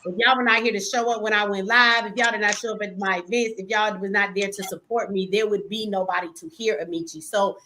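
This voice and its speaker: A woman's voice: mid-range voice, fairly even intonation, fast, hardly any pauses, slight background noise, poor audio. Blunt, profane woman hosting a live stream. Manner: blunt and profane, swings loud when scolding. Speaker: host of a live call-in show. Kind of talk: casual live-stream chat.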